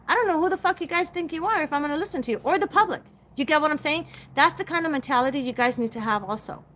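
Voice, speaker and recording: A woman's voice: sits high, fairly bright tone. A middle-aged woman hosting a live stream, talking straight to her viewers in a blunt, profane, emphatic rant. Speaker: psychic livestream host.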